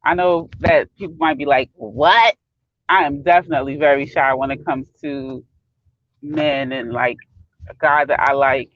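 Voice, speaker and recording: A woman's voice: deep voice, moderate pace, no room sound. Dry, lo-fi woman from Brooklyn. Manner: expressive, acts out quotes, laughs easily. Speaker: panelist on a live talk show. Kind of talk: casual live-stream chat.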